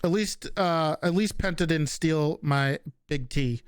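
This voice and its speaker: A man's voice: fairly high pitch, measured pace, clean tone, no echo, studio quality. A man from the Northeastern US with a slight regional accent, chatting casually with stream viewers, reading out their questions and answering offhandedly with casual swearing. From Northeastern United States.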